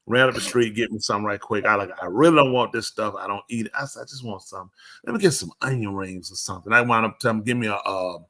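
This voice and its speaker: Telling stories in a live show studio, this man speaks fast in a fairly low voice. His casual chat is animated, and he performs the quoted back-and-forth.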